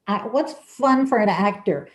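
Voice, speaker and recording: A woman playwright being interviewed over a video call. She speaks very slowly and gently, unfolding anecdotes at an unhurried pace. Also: medium pitch, animated, rough recording. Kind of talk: casual interview chat.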